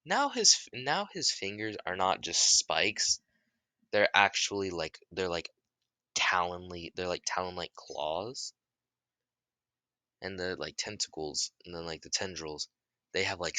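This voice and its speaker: A man's voice: deep voice, a little slow, sharp tone, no echo. A man telling an improvised story in a rambling way, with many fillers and restarts.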